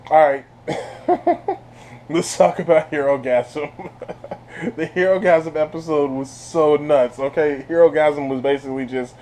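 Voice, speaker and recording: A man chats through a spoiler review of a TV season, loose and slangy, often breaking into laughter. His voice sits a little high for a man. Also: steady tone, measured pace, darkish tone, a little hiss or hum. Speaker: TV show reviewer. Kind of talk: casual spoiler review chat.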